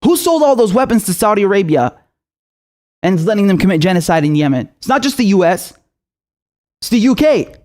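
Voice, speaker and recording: A man's voice: high voice, sing-song, a little fast, pauses often, a little mellow. A young man hosting his own political commentary show, delivering a furious, profane and accusatory rant.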